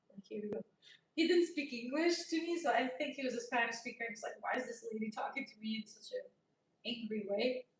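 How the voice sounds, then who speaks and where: A young woman vlogger telling a story in a casual, animated way, loud and laughing often as she acts out the dialogue. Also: high voice, far from the mic. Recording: echoey room, voice from off-mic.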